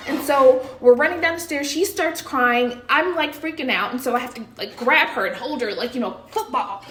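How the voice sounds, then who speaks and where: Her voice sits high as she talks fairly quickly with few pauses, recorded in an echoey room with a little hiss or hum. She's an American woman in her thirties casually telling viewers a story, breathlessly animated and acting out her panicked shouts.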